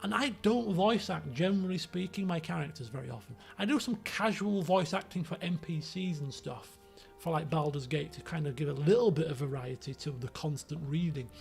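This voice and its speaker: Yorkshire man, streamer, raised pitch, gravelly, rambling casual chat, faint music under. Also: a little fast. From Yorkshire, England. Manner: rambling, many fillers and restarts.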